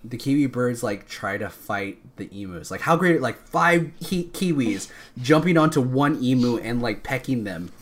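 A man's voice: mid-range voice, expressive, normal speed. A man hosting a casual podcast chat, rambling and joking with frequent laughs. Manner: rambling, jokey, laughs often. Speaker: podcast host.

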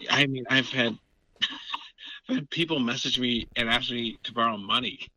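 A comedian man in casual chat, talking in a laid-back, halting way. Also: medium pitch, sharp tone, dry recording. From Canada. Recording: dull, muffled sound.

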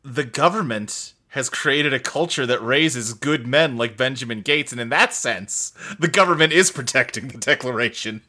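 A man's voice: medium pitch, normal speed, few pauses, pushed and bright. A man co-hosting a podcast, riffing sarcastically on a movie in casual chat and swearing freely. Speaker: podcast co-host.

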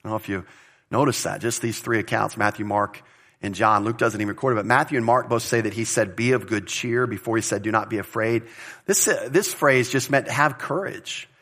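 A man's voice: fairly low pitch, brisk, fairly bright tone. Chatty man teaching a Bible study. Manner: informal, chatty, with asides and restarts.

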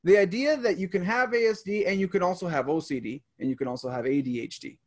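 A teacher chatting on a podcast reads items aloud from a list and adds stories from his classroom. He has a high voice and talks fast.

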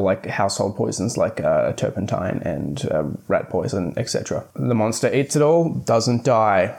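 A man's voice: lowish voice, a little mellow. Chatty man reviewing a book. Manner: chatty, uses many fillers.

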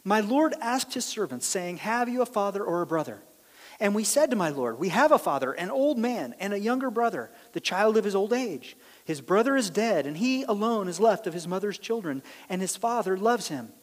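A male pastor reads scripture and explains it, acting out how the characters react. His voice sits high and swings widely in pitch. The sound rings with the long reverb of a large hall. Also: normal speed. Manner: animated, acts out the characters' reactions. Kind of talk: sermon reading and explaining scripture.

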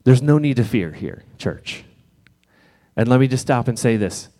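A man preaching in church in a conversational, gently reassuring way, sometimes reading scripture aloud. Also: medium pitch, lively intonation, moderate pace. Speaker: pastor. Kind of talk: sermon.

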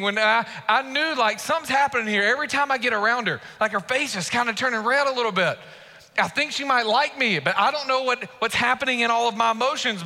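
A young adult man preaching a sermon in a church, animated and playful, acting out quotes with a lifted, giddy voice. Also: very high-pitched. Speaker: pastor. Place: church sanctuary. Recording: long church hall reverb.

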